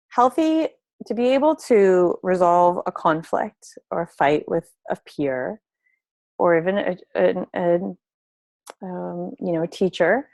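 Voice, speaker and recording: A woman therapist leads a parenting webinar in a gentle, explanatory way, now and then acting out what a parent might say to a child. Her voice has a gravelly edge of fry. The sound is close and dry, with no room around it. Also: lowish voice, no echo. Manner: gentle, explanatory, acts out example dialogues with children. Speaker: family therapist presenting a webinar. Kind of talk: spoken webinar presentation.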